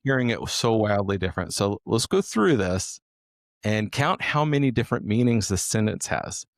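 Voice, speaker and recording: A man with a lowish voice is a guest on an interview, teaching sales in a deliberate, emphatic way. He repeats words for stress. The sound is dry and recorded close to the mic. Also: expressive, gravelly, dry recording. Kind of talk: conversational interview.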